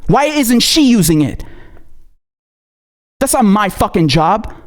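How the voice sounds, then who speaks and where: A man's voice: high-pitched, very animated, slow pace. A man angrily ranting as a political commentator, swearing constantly and mocking his targets. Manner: profane, furious ranting with sarcastic mock quotes. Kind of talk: angry political rant.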